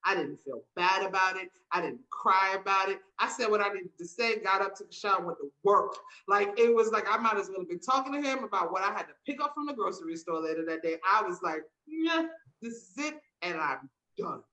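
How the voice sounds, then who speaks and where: Animated and fairly quick, this woman's mid-range voice sounds pushed and bright on a rough recording. As a podcast co-host in a laid-back conversation, she tells personal stories emphatically and performs other people's lines.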